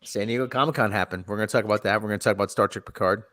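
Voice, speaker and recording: A podcast host with a lowish, fairly bright voice talks very fast on a casual chat show about movie news. He sounds sarcastic and exasperated, sighing often.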